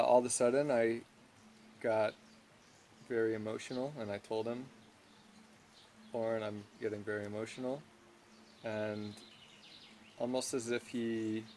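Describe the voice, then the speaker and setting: A man in his thirties from Washington, D.C., giving a slow, hesitant personal testimonial full of pauses and fillers. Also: lowish voice, darkish tone, a little hiss or hum. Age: 30s.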